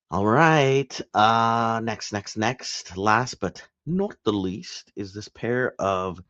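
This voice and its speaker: Low-voiced man rambling through a vlog. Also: no room sound, dull audio. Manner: chatty, rambling, self-interrupting. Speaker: reselling vlogger. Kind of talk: casual vlog update. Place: at home.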